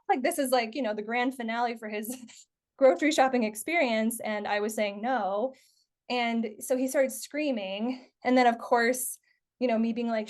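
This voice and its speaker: A woman in her thirties with a fairly high voice hosts a relaxed podcast conversation. She talks in a loose, chatty way, with lots of "like" and "you know" between her thoughts. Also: normal speed. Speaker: podcast host. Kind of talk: casual conversational podcast chat.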